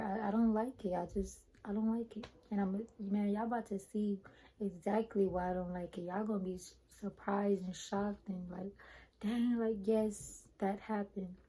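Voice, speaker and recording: A young woman vlogger chatting casually to her viewers, retelling a personal story in an animated way. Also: medium pitch, breathy edge, poor audio.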